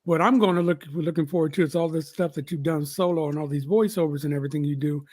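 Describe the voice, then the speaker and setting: A man's voice: a little high, fairly even intonation, fast talker, a little mellow, no echo, studio quality. A man hosting an interview, asking questions in a loose, slangy, friendly way. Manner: loose, slangy, says "bro". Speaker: show host. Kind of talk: casual interview chat.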